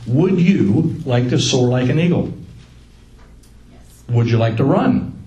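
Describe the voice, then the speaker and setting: A man leading a casual Bible study group, joking and lively as he teaches. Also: mid-range voice. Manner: joking, animated, laughs at own lines. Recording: echoey room with faint ambience.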